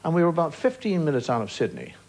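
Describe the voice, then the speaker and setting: A man in his fifties with an Irish accent appears as a chat show guest in a TV studio before an audience, telling comic stories with wry asides and acting out the punchlines. His voice is a little high and quick with vocal fry, and the low-quality old broadcast, picked up on a studio mic, has loud hiss and audience laughter.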